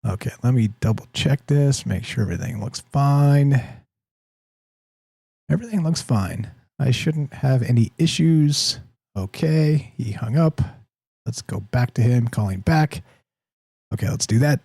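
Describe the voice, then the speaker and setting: Animated talk radio host, dark voice. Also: male voice, mid-range voice, creaky, slightly rough, dry recording. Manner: animated, quick, laughing asides. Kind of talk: call-in radio show.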